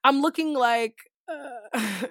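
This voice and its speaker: A young woman with a fairly high voice tells a story in casual chat. She is animated, acts out the quoted voices and swears freely. The recording is dry and close. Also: takes it slowly, dry recording.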